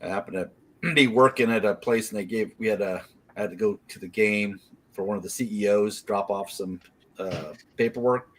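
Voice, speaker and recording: A man's voice: fairly low pitch, normal speed, a bit bright, slight background noise, rough recording. A man on a podcast telling a rambling anecdote in casual chat. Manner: rambling storyteller. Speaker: podcast co-host.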